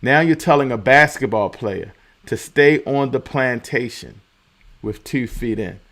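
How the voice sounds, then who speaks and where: A man's voice: mid-range voice, measured pace, a bit bright. A man hosting his own commentary show, talking casually and repeating key phrases for emphasis. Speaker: host of a commentary channel.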